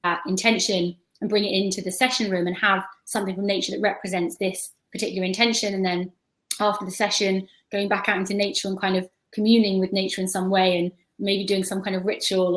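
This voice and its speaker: A woman's voice: medium pitch, rough recording. A woman on a video-call panel, talking at length in a thoughtful, chatty way and often restarting her words.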